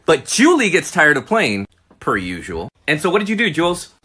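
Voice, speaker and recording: A man in his forties, a father telling a comic story about his daughters with lively, acted-out voices. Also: on the high side, normal speed. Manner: animated, acts out his kids' voices.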